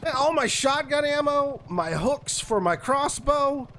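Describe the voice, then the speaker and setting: High-voiced, animated male gamer. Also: measured pace, a little hiss or hum. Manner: animated, exasperated, talks to the game. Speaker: gaming YouTuber. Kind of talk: live game commentary.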